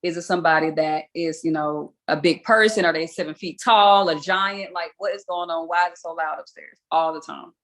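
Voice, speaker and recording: A woman's voice: sits low, fairly quick, few pauses, fairly bright tone. A young adult woman hosting a weekly video call, telling a story casually, with a chatty, self-mocking manner and frequent laughs.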